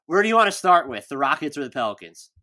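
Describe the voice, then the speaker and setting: A man hosting a sports podcast, talking energetically with playful hype and rapid reads of show notes. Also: fairly high pitch, very animated, pushed and bright. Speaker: podcast host. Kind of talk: casual sports podcast talk.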